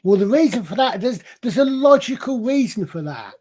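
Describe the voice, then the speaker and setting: A man's voice: extremely high pitch, very animated, normal speed, a little mellow. A man in a casual panel chat, explaining things at length in a rambling, digressive way with many restarts. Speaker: panel guest.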